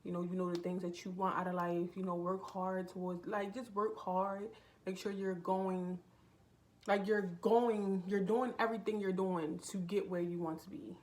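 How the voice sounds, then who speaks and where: A woman's voice: medium pitch, level tone, normal speed, a little mellow. A young woman vlogging in a casual, confessional way, rambling and heartfelt with lots of filler words, talking from indoors at a relative's home. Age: young adult. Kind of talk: casual confessional vlog chat.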